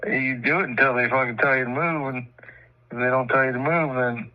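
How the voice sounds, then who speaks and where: A man's voice: medium pitch, steady tone, brisk. A man cohosting a casual radio show who talks bluntly and swears heavily. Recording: dull lo-fi audio.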